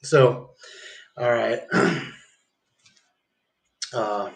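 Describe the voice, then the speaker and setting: A man's voice: medium pitch, steady tone, drawn-out words, vocal fry. A man rambling and swearing through a meandering livestream monologue at home. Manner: rambling, profane, meandering with fillers.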